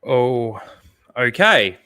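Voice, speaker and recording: A man's voice: medium pitch, sing-song, drawn-out words, sharp tone. A man hosting a livestream in casual chat, swearing freely and rambling as he stalls for time. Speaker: livestream host.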